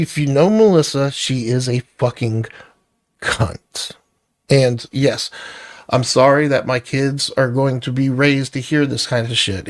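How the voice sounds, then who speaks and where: A man's voice: a little high, dry recording, clean studio sound. A middle-aged man ranting angrily to camera, heated and profane as he vents about family conflict. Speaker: vlogger. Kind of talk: angry personal rant to camera.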